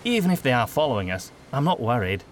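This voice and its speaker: A man's voice: medium pitch, big pitch swings, fast, a little hiss or hum, close to an everyday voice. A man voicing a polite, earnest young male initiate who talks in a reassuring way.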